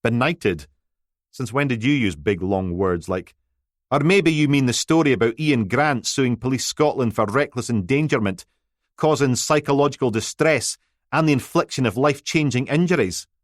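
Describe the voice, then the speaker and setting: A smug, needling newspaper reporter, as a male narrator puts him on, sarcastic and pleased with himself, pitched a little higher. The sound is dry and close. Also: animated, normal speed, no echo, lightly acted. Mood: smug, teasing.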